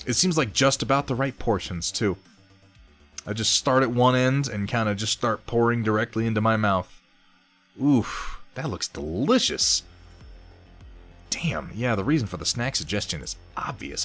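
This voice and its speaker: A slightly hoarse man hosting a casual hobby livestream, reading viewer posts and chatting with mild swearing. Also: on the low side, a bit bright. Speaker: host of a miniature painting stream.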